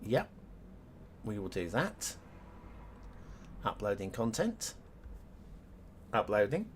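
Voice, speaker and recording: Slow, lively-voiced male streamer. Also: lowish voice, a little hiss or hum. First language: not English. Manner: chatty, laughing, thinks aloud to chat. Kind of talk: live game stream chat.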